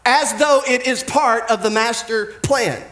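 A pastor delivers a sermon in a relaxed, conversational way, breaking into quick impressions of the people in his stories. His voice sits fairly high for a man. His tone stays humorous and direct. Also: roomy sound, slight background noise.

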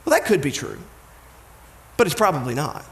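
High-voiced man preaching a sermon. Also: very animated, moderate pace, creaky, a bit bright, reverberant. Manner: conversational, humorous storytelling with mimicked voices. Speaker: pastor.

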